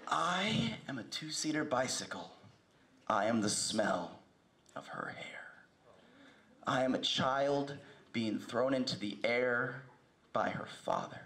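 A man recites a poem slowly and deliberately, his voice bright and a little high. The room around him rings with echo. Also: very animated, creaky. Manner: slow, measured recitation. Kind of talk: poetry reading.

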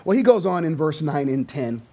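A man's voice: a little high, normal speed, creaky. A male pastor preaching a sermon to his congregation, acting out quoted voices as he goes. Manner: animated, acts out quotes in voices. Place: church sanctuary.

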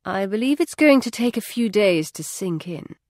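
A woman voicing a calm, loyal male confidant who speaks in a soft, measured, reassuring way in an audiobook. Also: medium pitch, no room sound, clean studio sound, natural voice.

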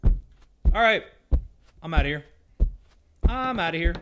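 A man hosting a horror game video, making excitable, joking commentary and yelping when startled. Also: fairly high pitch, takes it slowly, slight background noise. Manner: excitable, jokey, loud startled yelps. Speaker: gaming video host.

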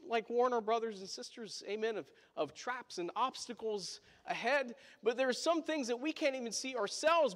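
High-voiced man preaching a chatty sermon. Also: in a large hall. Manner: chatty anecdotes with asides to the congregation. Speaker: pastor. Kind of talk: storytelling sermon.

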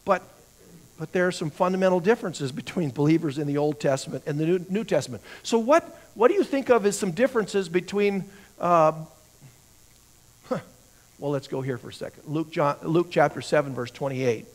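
Man, slightly high voice, Bible class teacher, asks questions, repeats words, halting. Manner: asks the class questions and answers them himself. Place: church classroom.

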